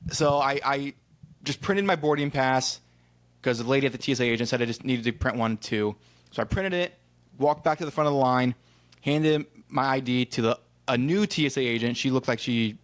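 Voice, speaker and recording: Podcast guy from ohio rambling thru a story, mid voice, acts out everyone he talks to, swears a bit. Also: mid-range voice. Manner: rambling storyteller who acts out quoted exchanges, swears casually. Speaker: podcast co-host. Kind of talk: casual chat.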